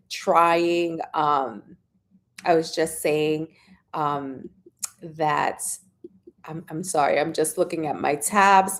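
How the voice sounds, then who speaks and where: Chatty woman hosting a live stream. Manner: chatty, greets viewers by name and reads out their comments; squeals up high when excited. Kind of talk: casual live-stream chat.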